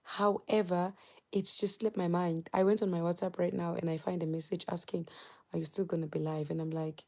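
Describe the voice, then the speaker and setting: A woman's voice: lowish voice, fairly quick, a little mellow. A South African woman with a Zulu accent, a native Zulu speaker, chatting casually and with lots of energy to viewers on a live phone stream and mixing in Zulu words.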